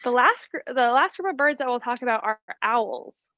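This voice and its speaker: A woman's voice: on the high side, expressive, moderate pace, bright, forceful tone, dry recording, lo-fi sound. Woman teaching about birds of prey. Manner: explanatory, with frequent ums. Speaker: wildlife educator. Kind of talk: educational presentation.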